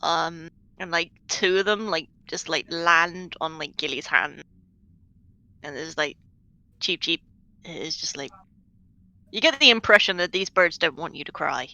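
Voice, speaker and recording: A woman's voice: deep voice, measured pace, sharp tone, dry recording, rough recording. A woman narrating a tabletop game as game master, hesitant and full of fillers.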